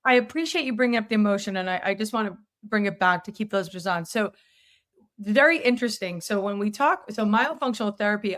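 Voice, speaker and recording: A woman podcast host and myofunctional therapist telling a story in conversation, acting out the quoted dialogue with energy. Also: medium pitch. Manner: animated, acts out quoted dialogue in her stories.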